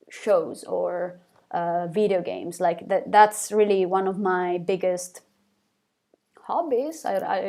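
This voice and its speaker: A woman's voice: mid-range voice, a little mellow. A young woman, a band's singer, reading fan questions aloud from a live chat and answering them casually, with lots of fillers and small laughs.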